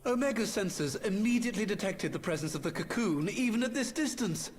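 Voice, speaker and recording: A man's voice: sits high, lively intonation, brisk, crowd noise. A man voicing a smug, gloating male imperial engineer in a video game, with a theatrical delivery.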